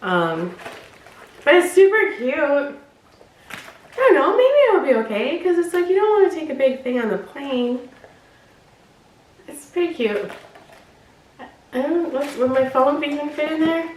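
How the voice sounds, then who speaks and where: A woman's voice: sits high, big pitch swings, a little slow, pauses often, echoey room, poor audio. A woman vlogger chatting through an unboxing in a bubbly, giggly, rambling way, her voice stuffy and nasal from allergies. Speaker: vlogger reviewing a clothing box.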